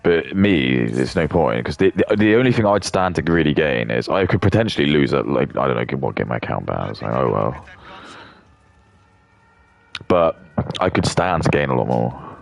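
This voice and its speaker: A man's voice: extremely low pitch, lively intonation, normal speed, gravelly. A man streaming a game, talking casually in a sarcastic, rambling way and swearing often. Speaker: gaming streamer. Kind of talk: casual gameplay commentary.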